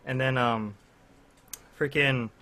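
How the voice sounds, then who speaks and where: A man's voice: medium pitch, steady tone, slow, pushed and bright. A young man casually chatting with friends on a podcast, rambling through a story with lots of fillers and laughter. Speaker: podcast co-host. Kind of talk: casual chat among friends.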